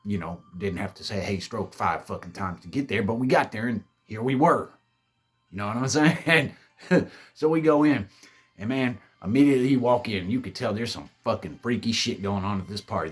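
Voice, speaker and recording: A lowish, fairly bright male voice with a breathy edge narrates a spooky story from a party. The delivery is relaxed and drawling, with plenty of profanity, and he acts out his friends' lines.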